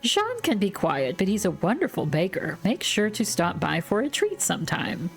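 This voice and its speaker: A woman voicing a kindly older woman who guides a newcomer around a game village, in a gentle, welcoming way. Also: medium pitch, big pitch swings, moderate pace, faint music behind.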